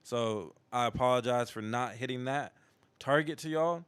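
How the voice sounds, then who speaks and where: A man hosting a livestream show, giving casual commentary in a relaxed, hesitant way with many restarts. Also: medium pitch, moderate pace, clear, resonant tone, no echo.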